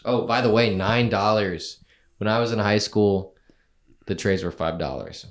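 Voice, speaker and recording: Podcast guy with a lowish voice, chiming in with dry jokes and questions. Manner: wry interjections and quick follow-up questions. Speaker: podcast co-host. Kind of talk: casual chat.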